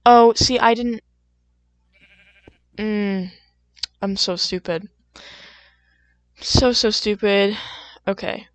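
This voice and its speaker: A woman's voice: mid-range voice, fairly even intonation, very slow, pauses often, no echo. Chatty young woman yapping while gaming. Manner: chatty, self-deprecating, lots of fillers and asides; sudden loud playful outbursts. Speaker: gaming video creator. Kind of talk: rambling casual chat while playing.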